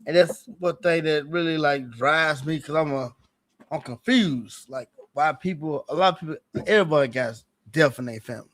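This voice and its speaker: A man's voice: fairly high pitch, moderate pace, fairly bright tone. Rambling, slangy man on a livestream. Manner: rambling, repeats himself, slangy; aggrieved, earnest. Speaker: streamer guest. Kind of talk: casual livestream talk.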